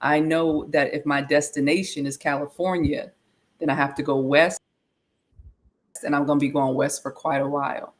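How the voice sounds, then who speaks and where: A woman's voice: low-pitched, little pitch movement, normal speed. A woman co-hosting a casual talk, explaining things at length in a rambling way and restarting her phrases. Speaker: co-host.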